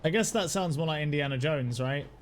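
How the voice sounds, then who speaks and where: A young British man streaming a game, rambling casually, swearing freely, laughing often and shouting at the game now and then. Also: fairly high pitch, fairly quick, a little hiss or hum. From United Kingdom. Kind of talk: casual live-stream chat while gaming.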